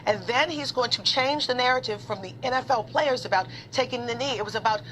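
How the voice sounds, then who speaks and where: An earnest woman speaks as a guest on a television news panel. Her voice is somewhat high, with a faint hiss behind it, and she stacks up her points one phrase at a time. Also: a little fast, a bit bright, low-quality recording.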